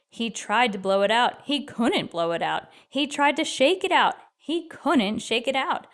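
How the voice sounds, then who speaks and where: A woman reading a children's picture book aloud in an expressive, lively storyteller manner. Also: on the high side, measured pace, hardly any pauses.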